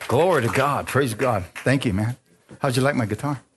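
A man's voice: mid-range voice, moderate pace, background noise. A man preaching a sermon, calling out to the congregation with frequent amens and hallelujahs and easy laughter. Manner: call-and-response, lively preaching with laughs. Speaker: pastor. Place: church sanctuary.

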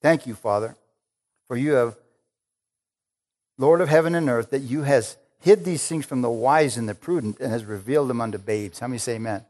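A man's voice: mid-range voice, normal speed. A middle-aged male pastor preaching a sermon, emphatic and conversational, often asking the congregation for an amen. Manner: emphatic, calls for amens, acts out Jesus with excitement.

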